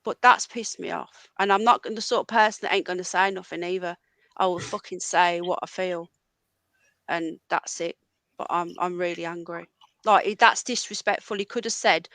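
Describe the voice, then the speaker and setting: A woman's voice: on the low side, moderate pace, fairly bright tone, dry recording. A woman hosting a livestream, angrily ranting at a guest and swearing a lot. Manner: furious, swearing, confronting a guest. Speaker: livestream host. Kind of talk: angry livestream rant.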